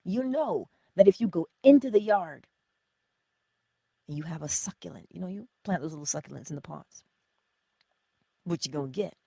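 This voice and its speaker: Husky woman teaching with lively pitch. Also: moderate pace, pauses often, no echo. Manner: preacherly, rhetorical questions, conversational. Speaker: spiritual teacher. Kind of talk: inspirational morning teaching.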